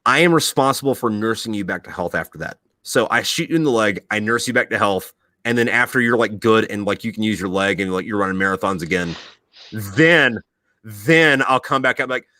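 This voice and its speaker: A male podcast host and military veteran swaps war stories in casual chat, swearing freely. His voice sits fairly low but comes across bright and forceful. The sound is close and dry. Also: brisk, no echo. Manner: profane, animated storytelling.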